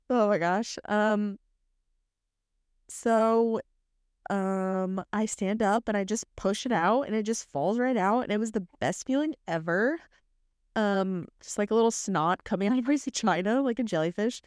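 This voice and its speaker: Young woman host, chatty solo storyteller, candid, clear voice, dry close sound. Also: mid-range voice, a little slow, a little mellow, no echo. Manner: chatty, candid, many ums and likes. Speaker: podcast host.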